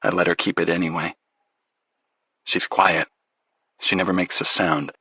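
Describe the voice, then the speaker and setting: A man narrating an audiobook in the first person, in a quiet, emotional manner. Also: low voice, little pitch movement, unhurried, vocal fry, breathy edge, no echo.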